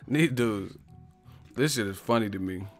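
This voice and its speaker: A man's voice: on the low side, measured pace, soft background music. A man hosting a casual boxing live stream, laughing and swearing as he mocks his chat. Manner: laughing, profane, mocking banter.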